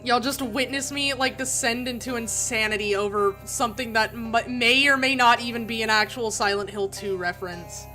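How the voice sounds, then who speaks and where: A young woman streamer talks through a game live in a bright, slightly high voice. She is excitable and quick to gush, often bursting into loud laughter over small details. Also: soft background music. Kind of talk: live gameplay commentary.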